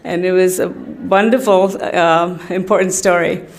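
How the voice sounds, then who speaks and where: A woman's voice: on the low side, fairly even intonation, a little slow. A middle-aged woman sharing personal stories in a tribute to her teacher, in a chatty, anecdotal way with many fillers. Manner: chatty storytelling, often laughing, many fillers.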